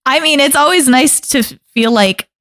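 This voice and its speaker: A woman co-hosting a podcast in casual chat, expressive and quick to laugh. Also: high voice, no echo, clean studio sound. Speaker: podcast co-host.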